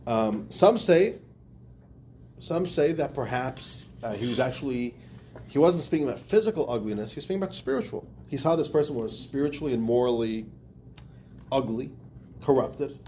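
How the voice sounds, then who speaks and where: Lively, expressive male rabbi teaching. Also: mid-range voice, slight background noise. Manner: expressive, acts out quotes, laughs often. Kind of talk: animated lecture.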